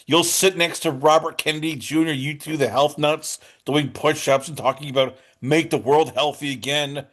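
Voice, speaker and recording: A man's voice: on the high side, steady tone, moderate pace, a bit bright. A man hosting a podcast in casual chat, teasing his guest and slipping into mock-outraged quotes. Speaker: podcast host.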